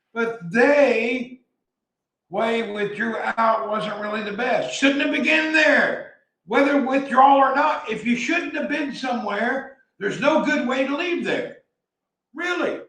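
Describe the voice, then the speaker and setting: A man from the American South with a Southern accent, delivering a blunt, heated opinion rant as a vlogger and often shouting. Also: very high-pitched, echoey room, distant mic, rough recording.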